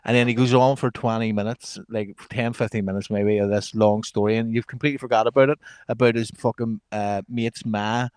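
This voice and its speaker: A man's voice: fairly low pitch, fairly even intonation, brisk, few pauses, darkish tone, clear, resonant tone, dry recording. A man co-hosting a casual podcast, in laid-back banter with short agreeing replies. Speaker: podcast co-host. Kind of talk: casual chat.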